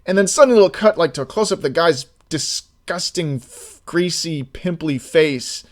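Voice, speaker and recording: A man talking casually on a live stream, rambling with many restarts and sometimes getting loud and exasperated. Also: fairly high pitch, animated, normal speed.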